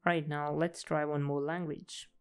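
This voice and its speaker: A man's voice: a little high, level tone, measured pace, clean tone, soft background music. A man hosting a programming tutorial, casually talking through each coding step as he types, with frequent fillers. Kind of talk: casual screen-recorded coding walkthrough.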